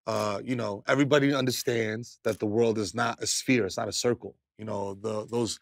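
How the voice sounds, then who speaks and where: A man in a comedy sketch playing a smug, conspiracy-minded male basketball star who mockingly lowers his voice to sound smart. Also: steady tone, normal speed, creaky, no room sound. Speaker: comedy show host.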